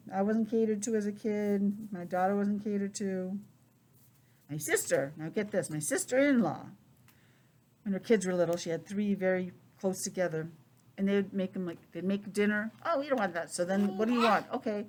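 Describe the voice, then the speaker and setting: A woman's voice: medium pitch, normal speed. Chatty woman teacher reading to kids. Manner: chatty, expressive, drifts into personal asides. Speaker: preschool teacher. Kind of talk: reading aloud and chatting to young children. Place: classroom.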